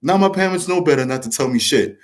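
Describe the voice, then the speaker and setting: Guy going off to camera, kinda high voice, swears a ton, keeps restarting his sentences. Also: animated, quick pace. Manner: passionate, rambling, swears a lot; restarts and repeats words. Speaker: show host. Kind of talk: casual monologue to camera.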